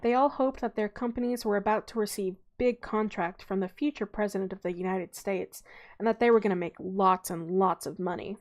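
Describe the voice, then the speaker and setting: A young woman reads a novel aloud informally, often stumbling and correcting herself. Her voice is medium-pitched and brisk, with fairly even intonation.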